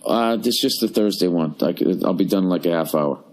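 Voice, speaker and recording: Podcast host, man in his forties, low-pitched, profane ranting monologue from a hotel room. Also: fairly quick, darkish tone. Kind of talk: solo comedic podcast rant.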